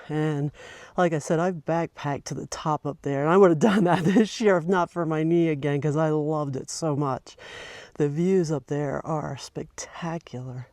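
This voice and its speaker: A woman's voice: low voice, a little mellow, no room sound. A middle-aged woman vlogging as she hikes a mountain trail outdoors, talking casually and rambling, with many fillers and restarts. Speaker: hiking vlogger. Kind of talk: casual narration while hiking.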